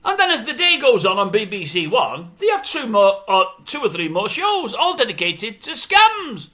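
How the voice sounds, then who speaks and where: A man ranting about television in a loose, opinionated way. His voice sits high and sounds very bright and sharp, and his pitch swings widely as he grumbles. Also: normal speed. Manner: grumbling, animated, mimics others' voices. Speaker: showbiz commentary vlogger. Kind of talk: casual opinionated rant.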